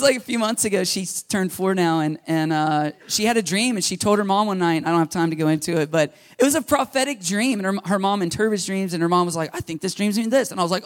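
A man in his thirties preaching a sermon, telling a family story with lively, animated delivery and high jumps in his voice when quoting. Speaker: pastor.

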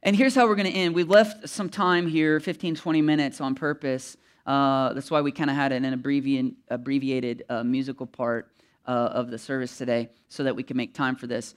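A man's voice: mid-range voice, steady tone, moderate pace, clean tone. A man as pastor, giving loose, conversational instructions from the front of a church service, with many fillers and restarts. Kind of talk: casual sermon instructions.

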